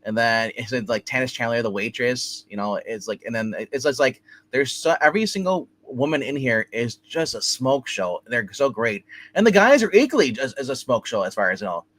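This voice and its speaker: Man, mid-pitched voice, casual movie review chat, rambling, halting. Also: animated, fairly bright tone. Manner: rambling, halting, many restarts and fillers. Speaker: movie review show co-host.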